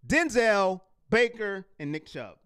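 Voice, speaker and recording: A man's voice: high voice, sing-song, slow pace, a bit bright, clear, resonant tone. A man hosting a live sports fan show, ranting heatedly and reading viewer comments. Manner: fired up, emphatic, repeats lines for effect.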